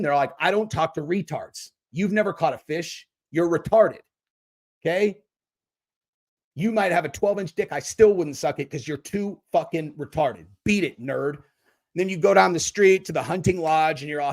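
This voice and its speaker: A man's voice: on the high side, normal speed. A man hosting a livestream, ranting and mocking chat commenters with a lot of swearing. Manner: profane, mocking, talks back to chat. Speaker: livestream host. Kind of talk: casual livestream rant.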